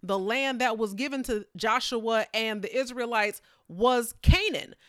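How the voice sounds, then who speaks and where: A woman preaching a sermon in a conversational, animated way, acting out the people in the story with playful voices. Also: a little high, measured pace, no room sound, clean studio sound.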